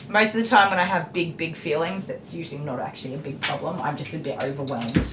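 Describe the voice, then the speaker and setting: A woman's voice: low voice, a little fast, noisy background. Chatty Australian woman, echoey salon. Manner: chatty, rambling, laughs often. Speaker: dog groomer streaming live. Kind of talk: casual chat while working. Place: grooming salon. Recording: echoey room with loud clipper buzz.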